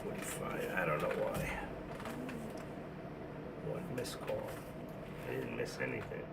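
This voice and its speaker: A man's voice: fairly low pitch, animated, a little slow, creaky, very noisy. A middle-aged man with a New York accent, chatting casually on his trading live stream and reading viewer comments aloud.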